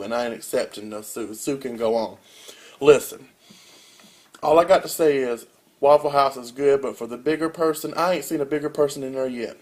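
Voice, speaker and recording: A young man, a college student telling a comic rant as a casual vlog with big swings in pitch and loudness. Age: young adult. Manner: animated storytelling with wide swings in pitch and loudness.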